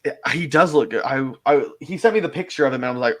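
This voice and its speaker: A man's voice: medium pitch, fast talker. A man, a voice actor, chatting casually in an interview, rambling with many fillers and restarts and laughing often. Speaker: voice actor guest.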